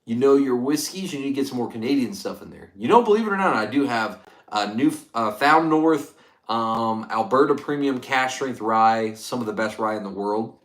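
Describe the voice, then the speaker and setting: A man's voice: mid-range voice, normal speed. Chatty man hosting a whiskey livestream. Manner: chatty, reads and thanks viewer comments, excitable. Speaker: livestream host reviewing whiskey. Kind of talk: casual livestream chat. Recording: echoey room.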